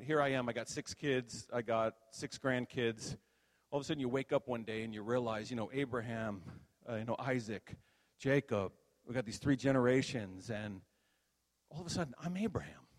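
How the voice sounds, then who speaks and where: Older man preaching in a reverberant hall. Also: mid-range voice. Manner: animated, playful storytelling. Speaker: pastor. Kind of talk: sermon storytelling.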